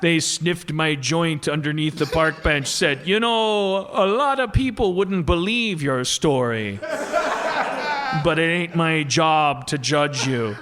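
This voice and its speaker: A man puts on a Canadian horror-podcast narrator, pitched up high and sing-song. He sounds chipper and apologetic, with a folksy lilt, over a noisy live recording. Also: slow pace, fairly bright tone.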